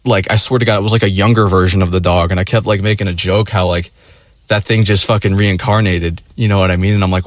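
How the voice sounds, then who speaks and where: Young man, lowish dry voice, rambling and profane, casual rant. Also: steady tone, quick pace, dry recording. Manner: rambling, profane, many fillers.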